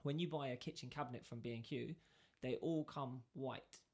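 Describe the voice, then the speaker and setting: A British man chatting on a podcast, mid-pitched and easygoing. He tells a workplace story with animation, switching between his own narration and the voices of the people involved. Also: normal speed, breathy edge. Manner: animated storyteller who acts out both sides of conversations. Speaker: podcast co-host. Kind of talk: casual chat, telling an anecdote.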